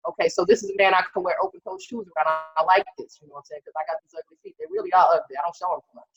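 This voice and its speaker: A woman's voice: lowish voice, lively intonation, very fast, faint music behind. A woman stand-up comedian, telling a profane story and acting out the quotes herself. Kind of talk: stand-up comedy set over video call. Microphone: video call. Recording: roomy, dull video call audio.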